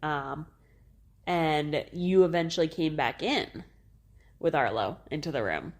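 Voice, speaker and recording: This podcast co-host, a woman in her thirties, has a deep voice and an unhurried delivery. She recounts a personal story animatedly and casually, cursing freely and breaking into laughter.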